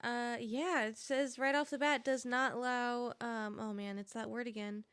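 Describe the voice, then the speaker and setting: A woman's voice: a little high, fairly even intonation, moderate pace, fairly bright tone, smooth, no room sound. A woman co-hosting a podcast, reading out facts in casual chat with filler ums. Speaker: podcast co-host.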